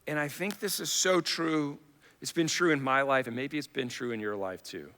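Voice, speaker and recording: A man delivers a conversational sermon and slips into acted-out quotations that build to near shouts. His voice is bright and forward. It rings with the long reverb of a large church hall. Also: mid-range voice, moderate pace. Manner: conversational preaching, acts out Bible quotes with rising intensity. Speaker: pastor.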